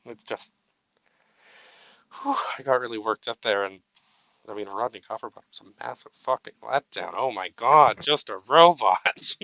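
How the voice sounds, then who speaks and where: Guy with a bright punchy voice, dry close mic, goofy over-the-top speeches and lots of swearing. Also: medium pitch, normal speed, vocal fry, dry recording, poor audio. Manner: mock-grandiose speeches, swearing, laughing at himself. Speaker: podcast co-host. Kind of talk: casual unedited chat.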